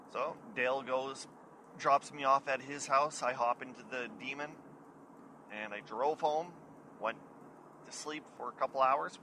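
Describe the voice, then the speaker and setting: A man's voice: medium pitch, pushed and bright, a little hiss or hum, low-quality recording. A man, hosting his own show and telling a casual story, chatty and laughing at himself now and then. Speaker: podcast host.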